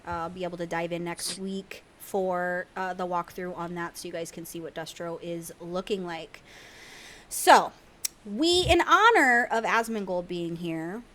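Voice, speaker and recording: A woman's voice: lowish voice, unhurried, fairly bright tone. A woman hosting a gaming podcast, chatty and easy to laugh, talking straight to viewers. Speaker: podcast host. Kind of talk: casual podcast chat.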